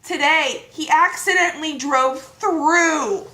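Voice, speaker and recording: Giggly young woman doing a couples tag at home, bright voice, echoey room. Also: sits high, slow. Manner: giggly, teasing, chatty. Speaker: vlogger. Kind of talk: casual couples chat.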